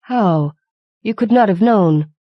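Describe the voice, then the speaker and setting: A woman's voice: mid-range voice, lively intonation, takes it slowly, no room sound, highs cut off. A woman reading the part of a wounded young man, speaking weakly and faintly. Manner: weak and faltering.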